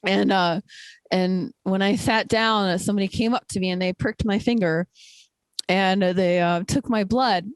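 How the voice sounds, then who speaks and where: A woman's voice: medium pitch, fairly even intonation, moderate pace, clear, resonant tone, no echo. A woman guest, a trail ultrarunner, talking candidly and emphatically in a casual interview, with many fillers.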